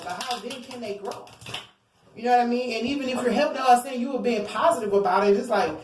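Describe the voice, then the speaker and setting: A woman's voice: fairly high pitch, slight background noise. A woman giving a casual tarot reading, chatty, blunt and profane, who acts out what other people say. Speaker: tarot card reader. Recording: roomy echo.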